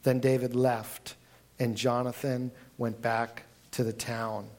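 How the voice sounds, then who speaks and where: A man preaching a sermon, reading scripture aloud and retelling the story in an animated, conversational way with frequent restarts. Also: mid-range voice, slow. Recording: audio recording of a talk.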